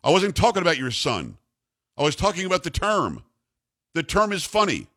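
Older male radio host, blunt and combative, jokey, very animated delivery. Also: fairly high pitch, normal speed. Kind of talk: opinionated talk radio rant.

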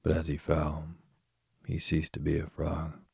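A man narrating a bedtime story softly and soothingly, close to the mic. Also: very deep voice, monotone, creaky, husky, no room sound. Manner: slow, soft-spoken, soothing.

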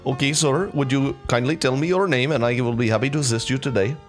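A man's voice: mid-range voice, quick pace, soft background music, voice pushed up, close to an everyday voice. A man playing a polite, apologetic customer service agent with a put-on Indian accent.

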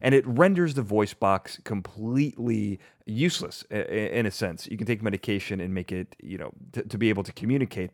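A man's voice: fairly low pitch, no room sound, studio quality. A man hosting a podcast interview, chatty and self-mocking, often restarting his sentences. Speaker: podcast host.

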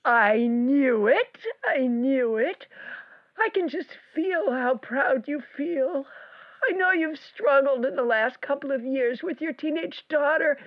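A woman's voice: high-pitched, no echo, highs cut off. Cher Eva, a woman playing a self-assured psychic caller.

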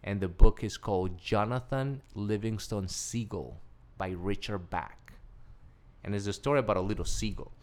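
Excitable man telling a story, slightly low. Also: moderate pace. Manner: excitable, acts out quoted dialogue. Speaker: guest. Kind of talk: animated personal storytelling.

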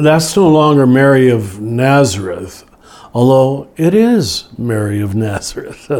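An older man, a Catholic teacher and author, explaining ideas slowly and reflectively, often restarting and listing words. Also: medium pitch, a little mellow. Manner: slow, reflective, with frequent restarts and lists. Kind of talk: relaxed spoken teaching in conversation.

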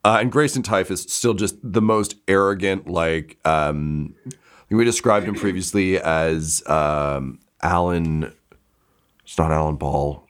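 A man's voice: deep voice, clean tone. A man narrating as game master of a tabletop game, rambling with many fillers and restarts.

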